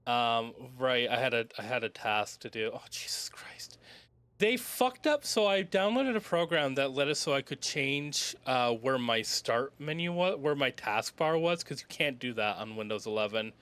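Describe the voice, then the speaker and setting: A man's voice: mid-range voice, sing-song, normal speed, a bit bright, clean tone, dry recording. A young man casually commenting as he plays a puzzle video game, rambling, swearing and muttering to himself. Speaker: streamer playing a video game. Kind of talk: casual let's-play commentary. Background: game music.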